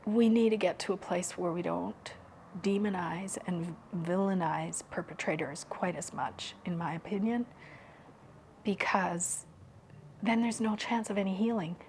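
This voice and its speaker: A woman speaking as a podcast guest in an open, personal conversation. She talks softly and haltingly and often drops to a hushed near-whisper. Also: lowish voice, fairly even intonation, a little hiss or hum.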